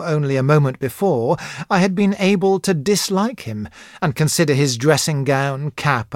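A man narrating a classic novel in a measured, even reading style. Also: a little high, no room sound, studio quality. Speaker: audiobook narrator. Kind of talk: scripted narration.

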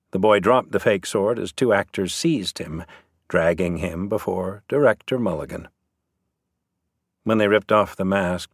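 A man narrating a story with a low, gravelly voice that moves up and down expressively. His reading is animated and he brings each scene to life. The recording is dry and close-miked. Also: no echo. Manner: lively storytelling, voices the characters. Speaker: audiobook narrator. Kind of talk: scripted narration.

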